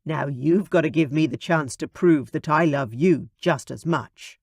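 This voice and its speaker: A man's voice: fairly high pitch, measured pace, dry recording, studio quality. A man voicing a confident young man in love in an audiobook, earnest and tender.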